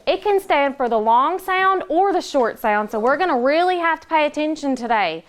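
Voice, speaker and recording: A woman teaching a classroom phonics lesson, patient and encouraging, slowing down to model words for the children. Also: sits high, animated.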